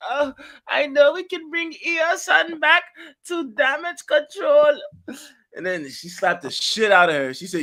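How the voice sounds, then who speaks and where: Bright-voiced excitable male co-host. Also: mid-range voice. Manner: excited, slangy, swears freely. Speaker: podcast co-host. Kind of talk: casual podcast chat.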